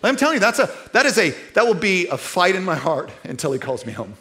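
A man's voice: high voice, sing-song, fast, sharp tone. A middle-aged man preaching a sermon in a conversational way, asking his listeners rhetorical questions. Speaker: pastor.

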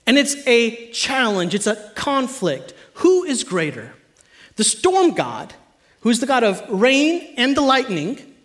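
A pastor delivering an animated, conversational sermon to his congregation. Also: very high voice, slow.

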